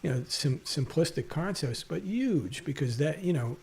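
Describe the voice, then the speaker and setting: A man's voice: a little high, animated, normal speed, gravelly, darkish tone. A man interviewing a guest in a casual conversation, affirming often and thinking aloud with fillers. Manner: affirming, thoughtful, many fillers. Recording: faint background noise.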